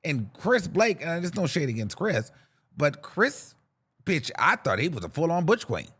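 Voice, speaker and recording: Sassy, animated young man gossiping. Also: fairly high pitch, normal speed, breathy edge. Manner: animated, sassy, campy slang, talks to himself. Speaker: podcast host. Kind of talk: casual gossip commentary.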